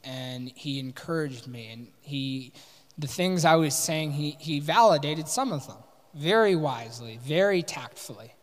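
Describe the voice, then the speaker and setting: Young male workshop speaker, fairly high voice, candid animated storytelling, long hall reverb. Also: a little slow. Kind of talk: personal story told to a live audience. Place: large conference hall.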